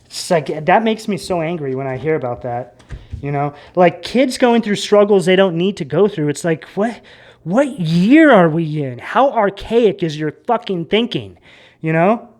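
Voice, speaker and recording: A man's voice: sits high, animated, moderate pace, darkish tone. A man giving a casual tarot reading in a rambling, emphatic way that gets worked up. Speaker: tarot reader.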